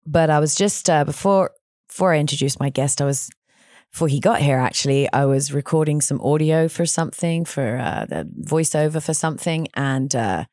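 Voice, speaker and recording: Woman host, low-pitched, self-mocking banter, dry studio sound. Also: a little mellow, no echo. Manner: chatty, jokey, self-deprecating. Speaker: podcast host. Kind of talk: casual chat.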